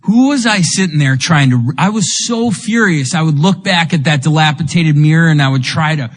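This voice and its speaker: Guy telling his recovery story, kinda higher voice, raw and confessional, big echoey hall. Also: moderate pace. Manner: raw, confessional storytelling, full of "like" and "you know"; emotional, with bursts of rueful laughter. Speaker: speaker sharing a recovery testimony. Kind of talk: personal testimony talk. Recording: long hall reverb.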